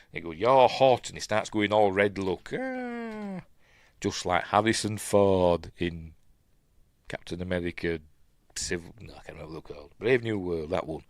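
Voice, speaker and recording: A man's voice: fairly low pitch, a bit bright, no room sound. Rambling Yorkshire man reviewing a film. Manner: rambling, chatty, with frequent asides and self-corrections. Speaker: film reviewer, channel host. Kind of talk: casual film review commentary.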